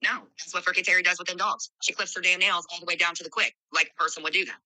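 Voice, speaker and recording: A brash woman runs a live stream, moderating and scolding callers with a foul mouth. Her voice is intensely bright and forceful, with a dry, close sound and no room around it. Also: on the low side, little pitch movement, very fast, no echo, rough recording. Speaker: livestream host.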